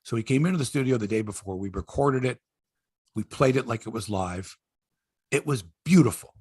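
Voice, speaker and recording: Veteran male sports host, sixties, husky, lively storyteller. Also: mid-range voice, a little fast, no echo, clean studio sound. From Canada. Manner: animated storyteller, acts out quotes, swears freely. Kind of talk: casual sports chat and storytelling.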